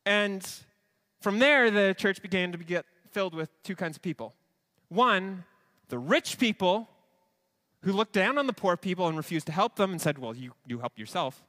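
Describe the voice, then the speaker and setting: A man's voice: high-pitched, lively intonation, moderate pace, pushed and bright. A man preaching a sermon to a congregation, earnest, with quoted asides and restarts. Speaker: pastor.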